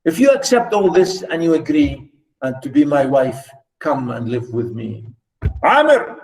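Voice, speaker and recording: A man lecturing on poetry in a classroom, reading verse aloud expressively with animated asides. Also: mid-range voice, moderate pace. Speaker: literature lecturer. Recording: echoey classroom, mic far off.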